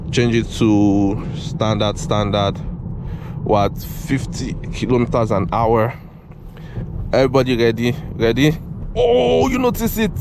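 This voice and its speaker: A young man giving casual, excitable driving commentary from inside a moving car, repeating himself and calling out "bro", recorded on a GoPro camera. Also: medium pitch. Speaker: car reviewer. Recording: road and engine noise in car.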